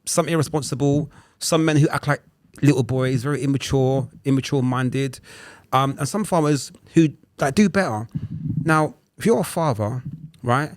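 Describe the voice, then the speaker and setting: A man's voice: mid-range voice, moderate pace, dry recording. A man talking in casual podcast chat as a guest, emphatic and always checking the listener is with him. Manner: emphatic, keeps checking in with "right?".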